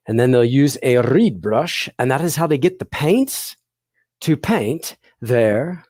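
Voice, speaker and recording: Kids show presenter, super animated voice, laughs a lot, asks the kids stuff, dry close sound. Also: medium pitch, dry recording. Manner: playful and encouraging, laughs often; addresses the audience directly with questions. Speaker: children's music performer and presenter.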